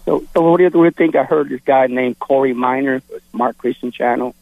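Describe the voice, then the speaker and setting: A man calls in to a radio show with a husky, slightly rough voice. He hesitates, repeats himself and keeps agreeing with the host. The sound is dry and close, with no room echo. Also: mid-range voice, quick pace, narrow, tinny audio. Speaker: radio caller. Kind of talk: phone call to a radio show.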